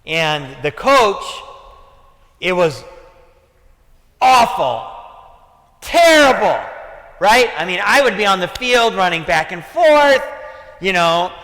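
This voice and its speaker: The preacher here is a man with a Midwestern American accent whose voice sits high, expressive and a little slow. Speaking in a church sanctuary with reverberant hall acoustics, he keeps a conversational tone, leans on "okay" and "listen," and rises nearly to shouting in heated moments.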